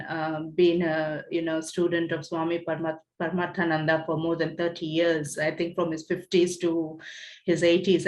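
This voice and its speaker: A woman's voice: low-pitched, a little hiss or hum. A woman in a class earnestly sharing a personal story, her voice moved with emotion. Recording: echoey room.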